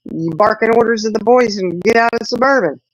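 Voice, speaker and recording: A woman's voice: medium pitch, brisk, dry recording, muffled recording. A middle-aged woman, chatting casually with viewers and rambling through family stories with laughs. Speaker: livestream host.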